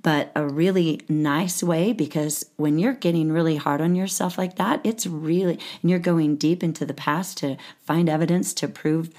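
A woman coach calmly guiding the talk and explaining steps one at a time. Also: deep voice, normal speed, hardly any pauses. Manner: calm, guiding, explaining step by step. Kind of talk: coaching conversation.

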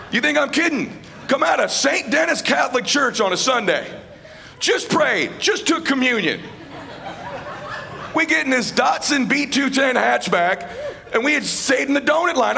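A middle-aged man giving a live motivational speech on stage, impassioned, swinging between shouting and hushed tones. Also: extremely high pitch, gravelly. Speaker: motivational speaker.

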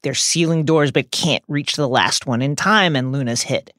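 A man co-hosting a podcast, recapping a novel's chapters in an animated retelling with the odd swear word. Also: mid-range voice, normal speed, dry recording, clean studio sound. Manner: animated retelling, mixes profanity into plot summary. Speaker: podcast co-host.

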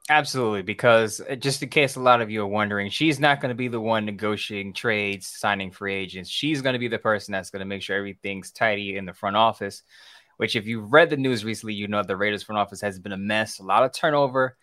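A man's voice: lowish voice, quick pace, sharp tone, no room sound, studio quality. A man co-hosting a sports podcast, giving frank, opinionated takes. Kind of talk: casual sports talk.

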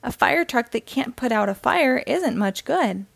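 A woman's voice: a little high, animated, a little slow, creaky, husky, no echo, exaggerated voice. Lady doing a worried little toy fire truck, tired and unsure. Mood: nervous. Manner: nervous, tired.

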